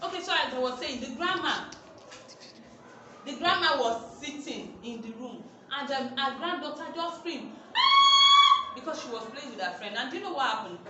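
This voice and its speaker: A woman teacher, giving an online safety lesson to young children, slow and emphatic, repeating her points. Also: high voice, animated, muffled recording. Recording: very echoey room, faint noise.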